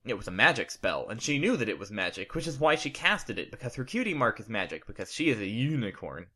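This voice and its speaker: Narrator: man, bright tone, deadpan straight read, home mic. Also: mid-range voice, quick pace, husky. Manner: straight-faced, reads mistakes as written. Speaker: narrator, fan fiction reader. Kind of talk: deadpan storybook reading. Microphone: home condenser microphone.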